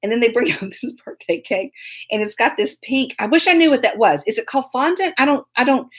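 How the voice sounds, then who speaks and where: A woman's voice: a little high, lively intonation, brisk, husky. Chatty woman hosting a live stream. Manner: rambling and chatty, breaks off to greet viewers by name; laughs often while telling stories. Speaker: host of a live online show. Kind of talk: casual live-stream chat and storytelling. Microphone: phone on a tripod.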